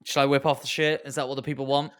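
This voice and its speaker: Bright-toned joking British co-host. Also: male voice, mid-range voice, level tone, very fast, clear, resonant tone. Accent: British English. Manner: joking, easygoing. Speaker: podcast co-host. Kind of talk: casual podcast chat.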